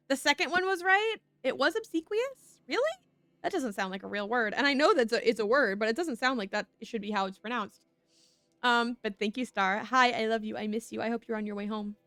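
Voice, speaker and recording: A young woman with a fairly high voice talks casually as she streams a game, swearing offhand and reading on-screen text out loud. Her voice is close and dry, with soft game music playing behind her. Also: fast, dry recording. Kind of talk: casual gameplay commentary.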